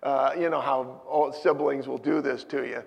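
A man preaching a sermon as pastor, moving between emphatic points and quiet personal storytelling. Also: medium pitch, steady tone, moderate pace, vocal fry, husky, big-room sound, lo-fi sound.

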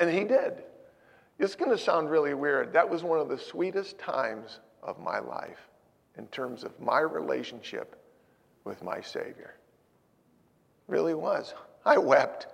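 A man preaching a sermon as pastor, moving between emphatic points and quiet personal storytelling. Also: on the high side, animated, normal speed, vocal fry, breathy edge, in a large hall.

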